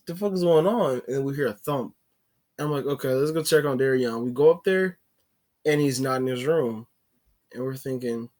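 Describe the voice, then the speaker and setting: A man telling a personal story in a casual, rambling way, full of "like" fillers and self-corrections. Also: mid-range voice. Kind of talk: casual story-time narration.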